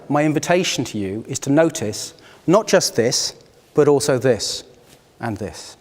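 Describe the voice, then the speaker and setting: A man facilitating a workshop, telling a personal story and inviting the group to take part in a reflective, personal way. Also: on the high side. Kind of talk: live workshop talk to a group. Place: conference room. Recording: long hall reverb.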